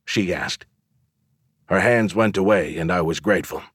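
A man narrates a first-person fantasy audiobook in a measured, wry manner. His voice is very low, and the recording is dry and close. He keeps an even storytelling pace. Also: husky, no echo.

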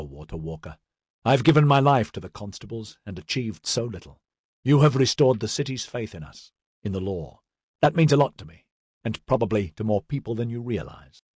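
A man's voice: medium pitch, a little mellow, husky, no room sound, studio quality. A man voicing an aging male senior constable near retirement, proud and shrewd.

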